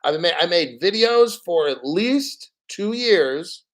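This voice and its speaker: Man, a little higher-pitched than most, hosting a crypto livestream. Blunt, cursing, ranting, mocks people in put-on voices. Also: lively intonation, takes it slowly. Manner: mocking put-on quotes. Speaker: crypto channel host. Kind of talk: casual livestream rant.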